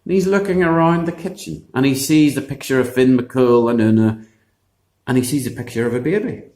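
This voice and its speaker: A man telling a folk tale aloud in a lively, conversational way. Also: medium pitch, brisk. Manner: lively, conversational, with sound effects in voice. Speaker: storyteller. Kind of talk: animated oral storytelling. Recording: echoey room.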